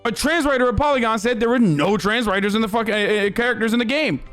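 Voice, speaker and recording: A young man streaming, ranting heatedly and profanely at his chat, with bursts of shouting. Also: extremely high pitch, fast talker, soft background music. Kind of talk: heated livestream rant.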